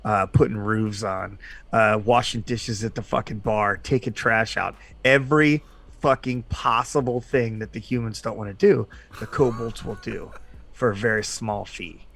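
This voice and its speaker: A man voicing a brash, scheming male kobold who swears constantly, in a quiet, everyday voice. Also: on the low side, steady tone, normal speed, vocal fry. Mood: boastful.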